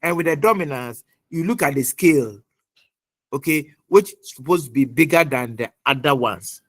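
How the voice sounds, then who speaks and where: A middle-aged man lecturing an online class, repeating points and quizzing students with many pauses. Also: on the high side, expressive, no room sound. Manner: repetitive, quizzing, fills pauses with uh.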